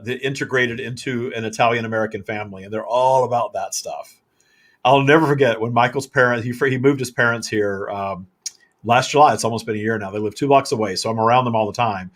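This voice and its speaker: A man hosting a casual live-stream chat, telling stories in an animated way and laughing often. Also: mid-range voice, brisk. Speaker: host.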